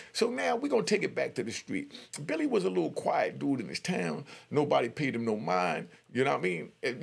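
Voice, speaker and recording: An older man telling a true story in a casual, streetwise way, often checking in with "you know what I mean". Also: mid-range voice. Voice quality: gravelly.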